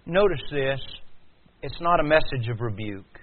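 Male preacher, mid-pitched, builds from hushed to loud emphasis; thin, narrow sound. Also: expressive, a little slow, slight background noise. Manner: swings from quiet to loud, rising emphatic. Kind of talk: sermon. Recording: tinny phone-like sound.

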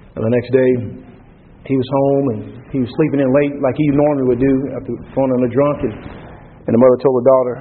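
A man's voice: mid-range voice, steady tone, fairly quick, phone-quality sound, slight background noise. A man preaching a sermon, telling stories with frequent restarts and building to emphatic peaks. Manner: storytelling with many restarts, rising to emphatic peaks.

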